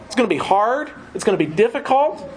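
A man's voice: sits high, sing-song, brisk, a little hiss or hum, low-quality recording. A man preaching a sermon, earnest teaching that often breaks into a chuckle.

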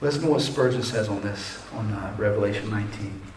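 A man's voice: on the low side, fast, a little hiss or hum. A man preaching a sermon, asking his listeners direct questions and lifting his voice when he reads scripture. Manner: preaching with rising emphasis on scripture quotes; asks the congregation direct questions. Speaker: pastor. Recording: roomy echo.

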